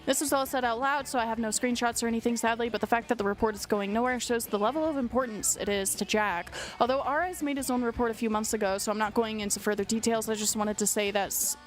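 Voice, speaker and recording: A woman's voice: medium pitch, steady tone, quick pace, soft background music. A congested young woman streamer who reads a document aloud in casual commentary, blunt, profane and sarcastic.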